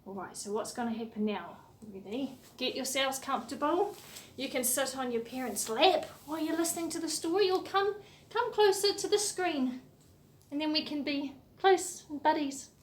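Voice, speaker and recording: A woman who leads a children's music session online, reading a picture book aloud in a sing-song, animated way, with gasps and questions for the little ones. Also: high-pitched, a little hiss or hum. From New Zealand.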